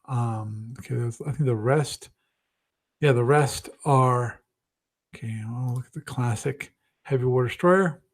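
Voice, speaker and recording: A man's voice: mid-range voice, a little slow. A man hosting a live stream, chatting casually and thinking aloud, with frequent restarts and self-deprecating asides. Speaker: host of a gaming livestream.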